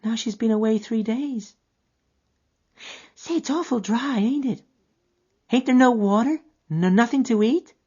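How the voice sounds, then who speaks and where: A woman's voice: fairly high pitch, a little slow, long pauses, dark tone, breathy edge. A woman voicing a trusting little girl lost in the desert, talking in a folksy childlike dialect, in a lo-fi recording. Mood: puzzled. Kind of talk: audio drama acting. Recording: dull lo-fi recording.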